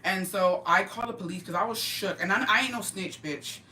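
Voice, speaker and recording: A woman's voice: mid-range voice, brisk, bright, forceful tone. Profane woman telling gossip, roomy and distant. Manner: profane, emphatic, code-switches into Spanish. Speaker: vlogger. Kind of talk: casual gossip storytelling. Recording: roomy, distant mic, faint ambient noise.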